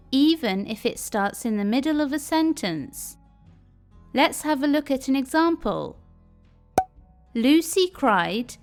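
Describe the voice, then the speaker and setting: Slow, lively woman teaching English. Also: a little high. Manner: clear, careful explanation. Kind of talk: scripted lesson narration.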